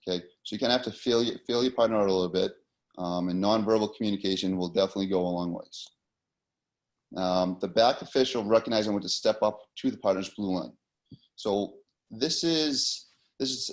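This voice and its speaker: A man with an American accent teaching linesman positioning in a loose, casual way, with plenty of fillers and repeated words. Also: on the low side. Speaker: hockey officiating instructor. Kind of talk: instructional talk.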